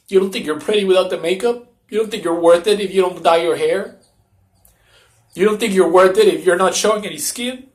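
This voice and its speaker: Young man, crying, rambling emotional monologue, raised pitch, pleading and repetitive. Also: a little fast. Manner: rambling, pleading, repeats himself. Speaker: vlogger.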